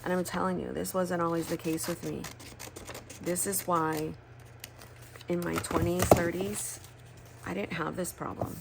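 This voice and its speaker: Low gravelly lady rambling about her planners, cusses a lot, bit of room hiss. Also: fairly even intonation, a little slow, long pauses. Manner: candid, rambling, swears freely. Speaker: planner crafting vlogger. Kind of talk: casual chat while crafting.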